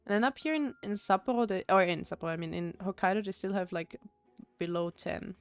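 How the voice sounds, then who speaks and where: Brisk and mid-range, this young woman from Austria chats casually during a game stream, rambling and restarting often amid plenty of fillers. The recording is dry, with faint music behind her.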